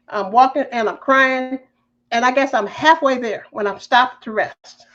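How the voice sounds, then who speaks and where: Woman telling an animated faith story. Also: high voice, a little slow, dull audio. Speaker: podcast guest. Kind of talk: personal storytelling, testimony.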